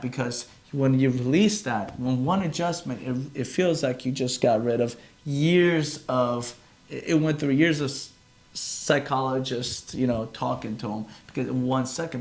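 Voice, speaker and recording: A man's voice: medium pitch, normal speed. Rambling chiropractor man on a phone. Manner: rambling, self-interrupting, earnest. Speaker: chiropractor hosting a podcast. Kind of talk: casual live-stream chat.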